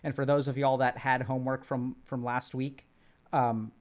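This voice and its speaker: A man's voice: mid-range voice, flat delivery, moderate pace. Man leading a group check-in. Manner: rambling, many fillers and restarts. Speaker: group therapy facilitator. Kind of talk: casual group session talk.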